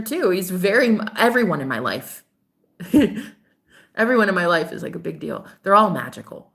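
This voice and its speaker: Chatty woman telling a story to viewers. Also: fairly low pitch. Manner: chatty and animated, swearing, addressing viewers as "girl"; voices other people in quoted dialogue. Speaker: spiritual advisor. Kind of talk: casual storytelling to camera.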